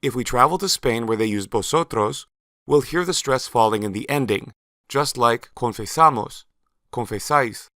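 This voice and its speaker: A man narrates a language lesson in a bright, clear voice. He speaks slowly and carefully and leans hard on stressed syllables as he models words. The close recording is dry, with no room around it. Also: mid-range voice, expressive, no echo. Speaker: Spanish teacher.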